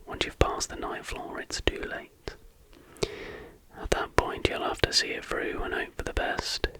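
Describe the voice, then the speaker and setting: Whispering slowly and with care, a man who hosts ASMR recounts an urban legend in the manner of a set of instructions.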